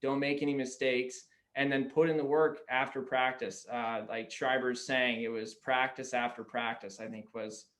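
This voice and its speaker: Young male guest, Canadian-raised pro athlete: even, flat delivery, candid and chatty. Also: medium pitch, normal speed, few pauses. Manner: candid storyteller, peppered with "like". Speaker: guest, pro lacrosse player. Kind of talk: casual podcast chat.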